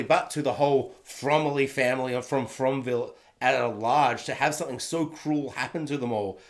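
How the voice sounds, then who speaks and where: A man's voice: medium pitch, fairly bright tone. A man reviewing a TV episode at home, rambling casually and laughing often at himself. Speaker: TV review vlogger. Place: home room. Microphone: own camera setup.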